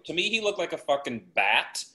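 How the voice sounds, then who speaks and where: A man co-hosts a casual movie podcast, tossing in jokey asides. His voice is bright and sharp and sits a bit high for a man. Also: big pitch swings. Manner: jokey, chimes in with quick asides. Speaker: podcast co-host. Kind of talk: casual movie recap chat.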